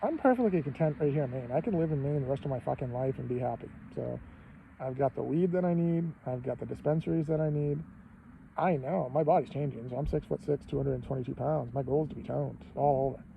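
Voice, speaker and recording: Man in his fifties, raspy fry, slightly raised pitch, rambling rant on a muffled, low-fi track. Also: quick pace, slight background noise. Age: 50s. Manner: profane, rambling, rhetorical questions. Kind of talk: casual ranting monologue. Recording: dull lo-fi sound.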